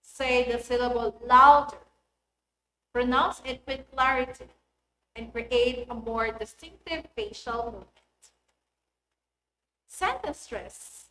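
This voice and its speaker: A woman teacher with a high, somewhat bright voice gives a recorded English lesson, saying example words one by one with careful stress. The room echoes, and there's a little hiss or hum.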